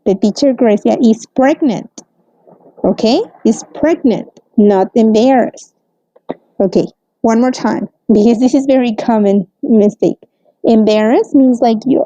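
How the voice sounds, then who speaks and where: Woman teaching a lesson, slightly high, very mellow voice, patient repeated "okay". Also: no echo. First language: Spanish. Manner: slow, careful explaining with frequent "mm-hmm" and "okay". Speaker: English teacher. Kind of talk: recorded language lesson. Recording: dull, muffled, close and dry.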